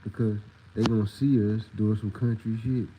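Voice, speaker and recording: A man's voice: lowish voice, little pitch movement, normal speed. A man from the Southern United States with a Southern accent, ranting casually and profanely, rambling and repeating himself. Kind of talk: casual rant. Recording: dull lo-fi audio with faint noise.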